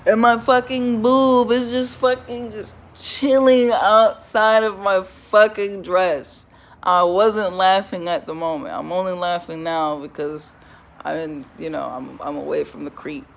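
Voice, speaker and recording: Young woman vlogging a storytime, cussing nonstop, laughing and groaning, super animated. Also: low voice, creaky, a little hiss or hum. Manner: animated, profane, laughs often, groans in disgust. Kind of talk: casual storytime monologue.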